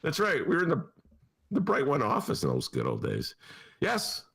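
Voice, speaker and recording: A man's voice: on the high side, huge pitch swings, moderate pace, vocal fry, a bit bright, husky. A man hosting a podcast in casual chat, rambling through tangents with a self-mocking storyteller's manner. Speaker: podcast host.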